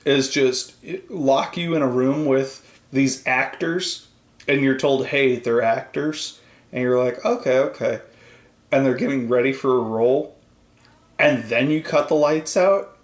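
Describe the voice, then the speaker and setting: Male podcast co-host, animated storyteller, curses freely, roomy echoey sound. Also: medium pitch, a little slow. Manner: rambling, animated, swears a lot, acts out quoted voices. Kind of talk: casual chat. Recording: roomy echo.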